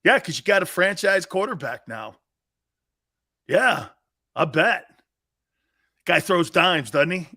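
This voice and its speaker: A man hosting a sports talk show, ranting with mock excitement and sarcasm and breaking into shouts. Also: high voice, slow pace, pauses often. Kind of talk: sports talk radio rant.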